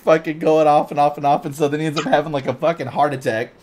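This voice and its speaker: A man's voice: a little high, fairly even intonation, quick pace, hardly any pauses, darkish tone. A man hosting a podcast, telling a long rambling story in casual chat and swearing constantly. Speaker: podcast host.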